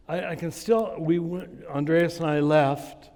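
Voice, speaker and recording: A man giving a spiritual conference talk to a live audience. He tells stories at an unhurried pace and chuckles at his own anecdotes. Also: on the high side, a little mellow, in a large hall. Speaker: conference speaker. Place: large hall with a live audience.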